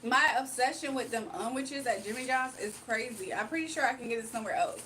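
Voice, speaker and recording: A high-pitched woman chats casually on a livestream while she eats, laughing often and talking through mouthfuls. She sits a little back from the mic, and a faint hiss runs under her voice. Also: a little fast, a bit bright, far from the mic. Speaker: livestream host reading chat.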